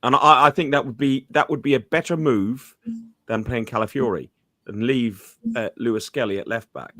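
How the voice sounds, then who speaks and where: A man's voice: medium pitch, moderate pace, fairly bright tone, no room sound, clean studio sound. A man with an Irish accent co-hosting a football podcast in casual chat, hesitant and full of ums and restarts. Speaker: podcast co-host.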